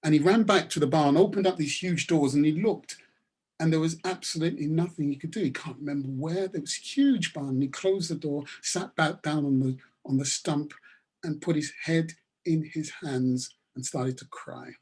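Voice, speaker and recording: Husky man telling a story. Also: fairly high pitch, darkish tone. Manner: repetitive, emphatic, unhurried. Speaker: webinar speaker. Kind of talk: storytelling talk.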